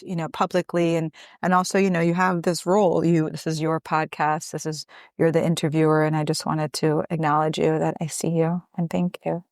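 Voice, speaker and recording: A woman guest who teaches somatic healing, speaking gently and affirmingly with many casual fillers. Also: low-pitched, no echo, studio quality. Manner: gentle, affirming, lots of "like" and "you know". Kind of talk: interview conversation.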